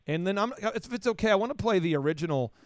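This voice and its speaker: Quick-talking, playful man hosting. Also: high-pitched, animated, dry recording, studio quality. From Oklahoma. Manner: playful, teasing, repeats words at starts. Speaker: podcast host. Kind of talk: joking interview chat.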